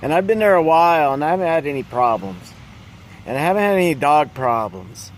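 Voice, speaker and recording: A man's voice: a little high, expressive, a little fast, a little hiss or hum. A man ranting in a casual vlog, blunt and profane, rambling through his complaints. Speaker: vlogger.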